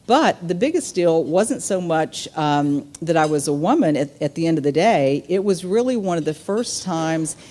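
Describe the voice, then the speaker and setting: A woman's voice: low-pitched, mellow. A Southern woman in her fifties giving a luncheon keynote, telling stories with many fillers and asides. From Southern United States. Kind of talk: speech to a business audience.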